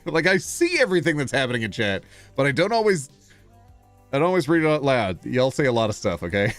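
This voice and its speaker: A man streaming live, reading posts aloud and reacting in a casual, animated way, often laughing and putting on mock outrage. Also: mid-range voice, normal speed, long pauses, soft background music.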